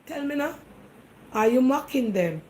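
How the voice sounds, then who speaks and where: Her voice sits high and is expressive yet a little mellow, delivered at a measured pace on a rough recording. The Jamaican-accented host of this casual show talks straight to her viewers, insisting on her point and firing rhetorical questions at them.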